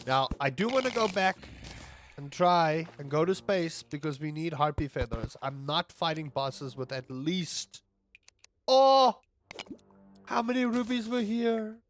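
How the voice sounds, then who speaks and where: Man, South African accent, young adult, casual livestream chatter, rambling and jokey, slightly high voice, faint music underneath. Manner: rambling, jokey, talks to chat while playing. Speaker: streamer. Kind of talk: casual gameplay livestream chat.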